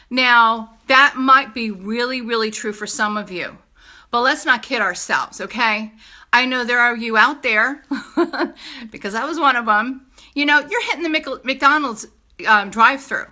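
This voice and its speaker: A woman's voice: fairly high pitch, moderate pace, sharp tone. Emphatic New York woman selling hard. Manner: emphatic and persuasive, repeating "okay?". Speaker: product seller. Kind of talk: casual sales pitch.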